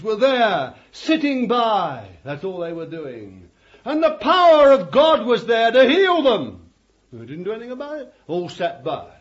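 A man preaching a sermon, fervent, repeating his phrases and calling his listeners beloved. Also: sits high. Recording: dull lo-fi recording.

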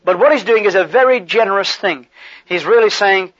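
Male preacher, high-pitched, conversational sermon delivery, muffled recording. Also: fairly quick, no room sound. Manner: conversational, animated preaching with gestures and asides.

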